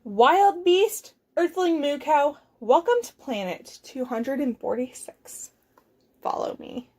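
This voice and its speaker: A woman's voice: sits high, big pitch swings, slow, a little mellow, full character voice. A woman voicing a boastful male alien space cowboy in a storybook reading, whooping and hollering like a rodeo rider. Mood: rowdy.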